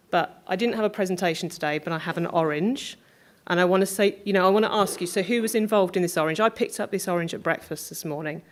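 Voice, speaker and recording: A woman speaking on a conference panel, talking conversationally and throwing questions at the audience to draw answers. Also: lowish voice. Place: conference room.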